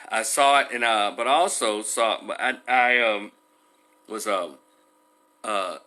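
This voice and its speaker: A man talking loosely on a livestream, rambling with many fillers and animated retelling. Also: on the low side, slow. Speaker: livestream commentator. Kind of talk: casual livestream commentary.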